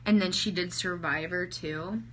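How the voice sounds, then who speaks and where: Chatting casually on a phone livestream, a thirtysomething woman with a lowish voice speaks at normal speed, excitedly addressing viewers by name. Singing has left her throat sore, and the arm's-length phone catches faint background noise.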